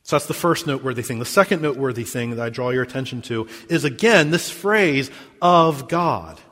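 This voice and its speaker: A man preaching a sermon as pastor, reading scripture and stressing key words, with sharp swings between loud emphasis and quiet drops. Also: animated, quick pace, long reverb tail. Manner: emphatic preaching with big swings in pitch and volume.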